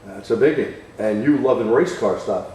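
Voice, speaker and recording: Hoarse male co-host, chatty, recorded far from the mic in a very echoey shop with faint noise. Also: lowish voice, normal speed, dark tone. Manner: chatty, prompts with tag questions. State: losing his voice, hoarse. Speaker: co-host, technical trainer. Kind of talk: casual technical discussion. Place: auto repair shop.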